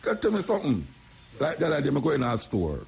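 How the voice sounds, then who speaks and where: Older Jamaican man, gravelly and husky, telling stories in patois and repeating himself. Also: fairly high pitch, wildly swooping pitch, fast. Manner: patois storytelling, repeats phrases. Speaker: radio talk host. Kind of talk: casual monologue.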